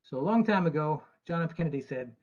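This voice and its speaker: A man's voice: fairly high pitch, expressive, quick pace, dull audio. An American man, an actuary, giving a presentation to investors in an earnest, emphatic way with dry asides. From United States.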